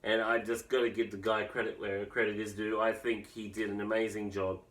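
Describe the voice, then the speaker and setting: A man's voice: on the low side, little pitch movement, brisk, a bit bright, distant mic, rough recording. A man, a musician rambling opinionated in a casual vlog, full of fillers and restarts. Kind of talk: casual vlog talk to camera.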